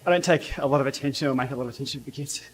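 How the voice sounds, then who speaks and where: A man hosting a casual cycling livestream from his home training room, blunt and outspoken, quick to laugh. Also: medium pitch. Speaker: cycling YouTuber and livestream host. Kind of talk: casual livestream chat while riding.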